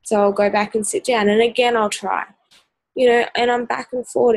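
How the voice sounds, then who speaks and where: A woman's voice: a little high, flat delivery, normal speed, no room sound, poor audio. An Australian woman vlogging straight to camera, earnest and hesitant with many ums, sounding exhausted. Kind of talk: personal talk to camera.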